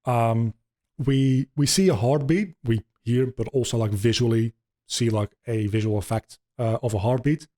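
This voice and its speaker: A man's voice: medium pitch, normal speed, mellow. A man hosting a podcast, rambling casually with many ums and swears as he explains video game lore. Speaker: podcast host.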